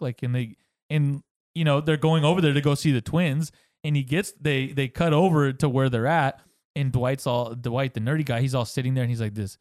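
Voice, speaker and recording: A man's voice: mid-range voice, a little fast, a little mellow, no room sound, clean studio sound. A man co-hosting a podcast, rambling through crude stories with swearing and laughter. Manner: rambling, profane, laughs often. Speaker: podcast co-host. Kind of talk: casual crude chat.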